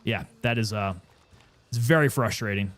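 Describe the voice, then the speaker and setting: A man casually commenting while he plays a game and chats with viewers, relaxed and sometimes winded. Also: on the low side, moderate pace. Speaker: gaming streamer.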